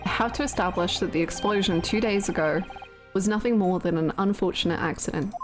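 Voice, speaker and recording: A woman voicing an earnest young male defense lawyer in a game read-along, speaking calmly and sincerely. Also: on the low side, brisk, music in the background, pitched below the performer's own voice, natural voice.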